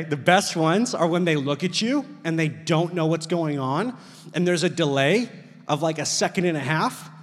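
A man with a high, bright-toned voice preaches casually to his congregation. He tells his stories in an animated, rambling way, with plenty of "like" fillers. His voice carries a long reverb from a large hall. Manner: animated storyteller, heavy use of "like". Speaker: pastor. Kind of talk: casual conversational sermon.

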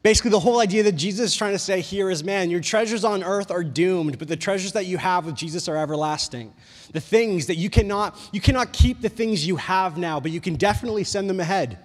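High-pitched and fast, this man preaches an informal sermon as a youth pastor, wandering off track and saying "like" constantly. His delivery is animated. The sound carries the long reverb of a big hall.

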